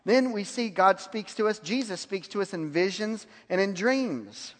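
A man preaching a sermon, telling a personal story in an animated way and laughing often. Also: high-pitched, unhurried, big-room sound. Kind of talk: sermon testimony.

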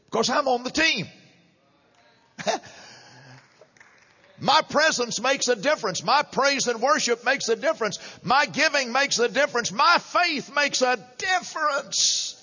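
Animated preacher man, lo-fi sermon. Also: very high voice, a little slow, in a large hall. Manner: animated, with chuckling asides. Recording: dull lo-fi sermon recording.

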